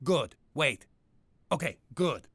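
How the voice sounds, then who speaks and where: An actor voicing a gruff, doting mobster father in an adult cartoon, blustery and quick to shout before softening. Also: medium pitch, very animated, slight background noise, heavily acted. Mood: coaxing. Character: gruff mobster dad, doting and hot-tempered.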